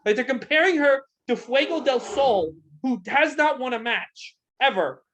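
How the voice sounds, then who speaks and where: A man's voice: extremely high pitch, lively intonation, normal speed, a bit bright, a little hiss or hum. A young man co-hosting a casual podcast, ranting heatedly and swearing a lot. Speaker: podcast co-host. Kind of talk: casual wrestling podcast rant.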